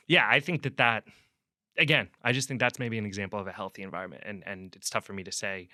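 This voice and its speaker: A man's voice: fairly low pitch, no echo, studio quality. A young adult man, a sports reporter guest, telling rambling stories in a conversational interview and acting out quotes. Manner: rambling storyteller, restarts, acts out quotes loudly.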